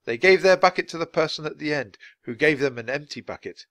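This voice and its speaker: A man's voice: on the high side, lively intonation, brisk, a bit bright, no room sound. A man reading a children's chapter book aloud at natural speed for language learners, with dramatic expression. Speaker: narrator.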